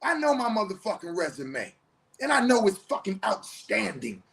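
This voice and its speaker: A middle-aged man with a notably high voice pours out a raw confessional monologue. He talks bluntly and swears often. He swings between loud outbursts and low, muttered asides. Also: sing-song, moderate pace, creaky. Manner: profane, heated and blunt. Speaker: host.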